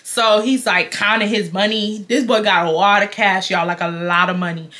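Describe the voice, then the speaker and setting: A woman's voice: mid-range voice, steady tone, moderate pace, bright, forceful tone. A woman in her twenties from Houston, Texas, telling a personal story to her viewers in a blunt, profane, casual way. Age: 20s. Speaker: storytime vlogger.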